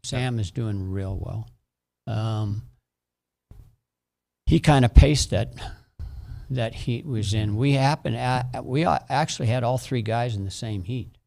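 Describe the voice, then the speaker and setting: A man's voice: medium pitch, vocal fry, mellow. A middle-aged man, a track and field coach, talking in a radio interview, often repeating words as he explains. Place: radio studio.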